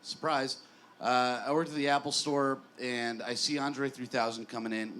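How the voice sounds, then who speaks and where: A man's voice: mid-range voice, fairly even intonation, moderate pace, a bit bright, slight background noise. A man in his twenties doing a stand-up set in a small bar, rambling and self-deprecating with stammered restarts. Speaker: stand-up comedian.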